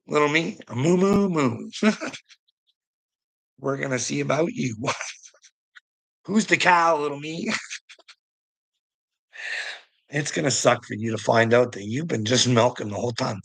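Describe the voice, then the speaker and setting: A man's voice: medium pitch, moderate pace, gravelly, pauses often, a bit bright, slightly rough, low-quality recording. A middle-aged man talking casually on a livestream, rambling, teasing viewers, swearing freely and laughing often. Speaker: livestream host.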